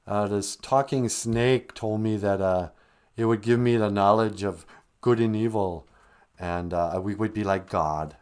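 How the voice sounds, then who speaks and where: A man's voice: lowish voice, measured pace, darkish tone, clear, resonant tone, close to an everyday voice. A man doing a prim, sassy first woman. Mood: reassuring. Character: prim, self-assured first woman, a good girl.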